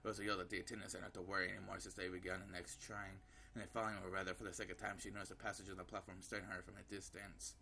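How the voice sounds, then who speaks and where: Low creaky man reading a game aloud. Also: level tone, racing, sharp tone, slight background noise. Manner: reading with slips and self-corrections. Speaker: gameplay narrator. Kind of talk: reading a visual novel aloud.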